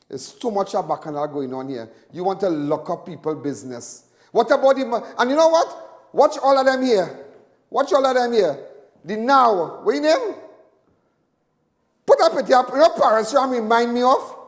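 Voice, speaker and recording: High-voiced Trinidadian man ranting live. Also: moderate pace, long reverb tail. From Trinidad and Tobago. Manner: animated, repetitive, laughs often. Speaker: talk show host. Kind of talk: rambling live commentary.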